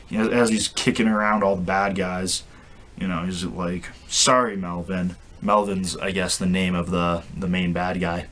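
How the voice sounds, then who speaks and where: A man's voice: sits low, a bit bright, slight background noise. A man casually retelling a comic book story, rambling with restarts and fillers. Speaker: comic reviewer.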